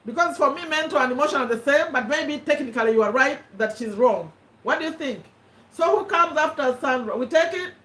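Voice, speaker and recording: Woman running a live quiz on stream, high voice, checks answers out loud, sounds far off in an echoey room. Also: animated, brisk. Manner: chatty, reads out viewer names and answers, checks and rules on them. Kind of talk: casual live-stream chat. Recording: echoey room, voice away from the mic.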